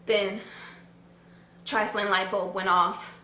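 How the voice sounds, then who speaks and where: A young woman telling a story about herself in a casual, animated and dramatic way, swearing freely. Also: mid-range voice, slow, long pauses, reverberant.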